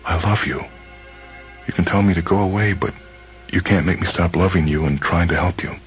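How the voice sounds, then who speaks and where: A man reading aloud, voicing a gentle, quietly stubborn young wife in a soft, pleading tone over a dull, lo-fi radio recording. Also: sits low, fairly even intonation, brisk, slightly rough, soft background music.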